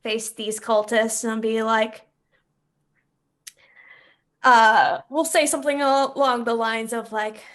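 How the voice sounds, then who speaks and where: Female player, bright tone, slightly high voice, chatty. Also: flat delivery, takes it slowly, long pauses. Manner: chatty, describes her character's actions. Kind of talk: tabletop role-play.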